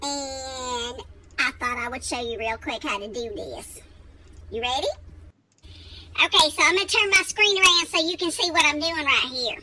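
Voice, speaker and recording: A woman's voice: high-pitched, moderate pace, bright, forceful tone, a little hiss or hum. A Texan woman hosting a casual screen-share tutorial, folksy and chatty, laughing easily as she walks through each step. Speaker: host giving a software tutorial.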